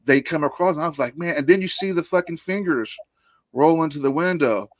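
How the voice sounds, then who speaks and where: Host guy with a bit higher voice, cusses a lot, casual, dry sound. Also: fairly quick, no echo. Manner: blunt, swears freely. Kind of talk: casual chat.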